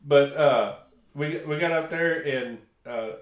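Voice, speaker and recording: A man's voice: fairly high pitch, slow. Rambling older Texan man, echoey room. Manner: rambling storyteller, restarts and chuckles. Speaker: paranormal investigator co-host. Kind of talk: casual live-stream chat.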